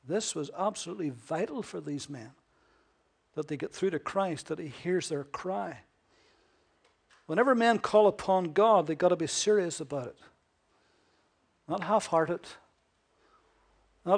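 A man preaching a sermon with emphasis, asking rhetorical questions and swinging between loud and hushed delivery. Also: sits high, unhurried, vocal fry, long pauses, breathy edge.

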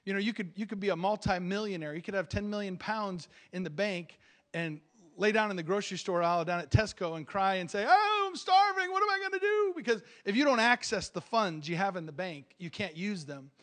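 High-voiced man preaching a sermon. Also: fairly quick, fairly bright tone. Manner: emphatic, calls for amens, repeats his starts. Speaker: visiting preacher. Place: church.

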